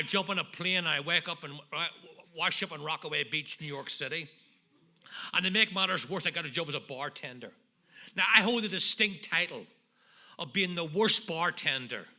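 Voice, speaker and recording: A man's voice: fairly high pitch, moderate pace, bright, forceful tone. A man with a Northern Irish accent, telling his recovery story at a meeting in a wry, self-deprecating way, landing jokes for the audience. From Northern Ireland. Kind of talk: humorous personal recovery talk.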